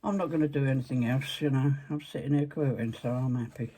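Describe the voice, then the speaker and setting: A woman's voice: a bass voice, fast, warm tone, slight background noise. Chatty Essex woman at her sewing machine. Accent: Essex English. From England. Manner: rambling, talkative, self-deprecating. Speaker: quilting vlogger. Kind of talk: casual chatty demonstration. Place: home sewing room. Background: sewing machine running.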